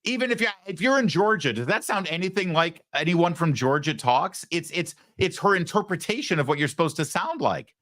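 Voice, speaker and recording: A man's voice: a little high, lively intonation, brisk, hardly any pauses, fairly bright tone, dry recording, clean studio sound. A man hosting a political talk show, sarcastic and mocking as he comments. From United States. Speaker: host.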